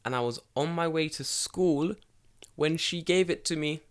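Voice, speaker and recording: A young man with a London accent, co-hosting a podcast and telling comic stories in a lively, profane, casual way. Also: a little high, normal speed, clear, resonant tone. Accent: London English. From England. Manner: animated, profane, comic storytelling. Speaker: podcast co-host. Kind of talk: casual storytelling chat.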